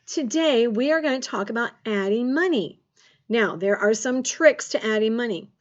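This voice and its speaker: Brief: encouraging female grade school teacher, slightly high voice, dull lo-fi audio. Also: lively intonation, moderate pace. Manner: encouraging, upbeat, calls on students by name. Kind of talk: remote math lesson for children.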